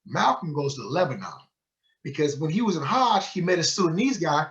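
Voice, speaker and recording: Muffled, lo-fi audio captures a man whose pitch is fairly high and whose delivery is fairly quick. Cast as a sheikh at a book club, he gives a storytelling lecture, animatedly performing each quoted line.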